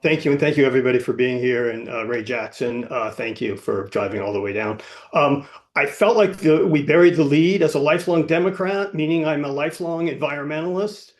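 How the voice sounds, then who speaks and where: Man, club member, public comment, earnest and firm, slightly higher pitch. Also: fairly quick. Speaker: club member asking a question.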